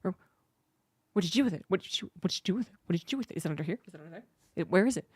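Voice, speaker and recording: A woman's voice: a little high, lively intonation, quick pace, dry recording, clean studio sound, voice pushed up, natural voice. A woman voicing a frantic, bossy young female house cat who curses and mutters under her breath. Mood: frantic, hushed.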